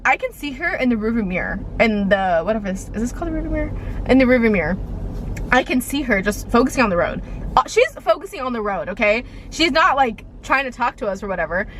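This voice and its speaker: A woman's voice: on the high side, fairly bright tone, slight background noise. Chatty young woman telling a storytime. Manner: chatty, rambling, heavy use of "like" and "okay". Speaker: vlogger. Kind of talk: storytime vlog.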